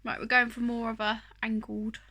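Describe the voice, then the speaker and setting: A chatty woman talks her way through a makeup tutorial, wandering off-track and poking fun at herself. Her voice sits a little high and rings bright and forward. She fills her pauses with easy "um"s. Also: completely flat delivery. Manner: chatty, self-deprecating, rambling with fillers. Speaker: beauty vlogger. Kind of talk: casual makeup tutorial chat.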